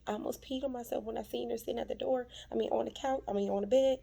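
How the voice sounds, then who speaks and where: Woman, husky, gravelly, chatty TV recap, dramatic storytelling. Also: fairly high pitch, steady tone, fast, hardly any pauses, dark tone. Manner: chatty, dramatic retelling, calls listeners "child". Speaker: TV recap vlogger. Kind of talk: casual TV episode recap. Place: at her workplace.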